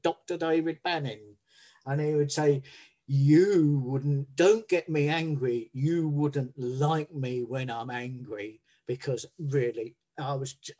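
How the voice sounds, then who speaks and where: A man tells a personal recovery story candidly. He rambles, restarts his sentences and swears freely. His voice sits a little high for a man. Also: a little mellow.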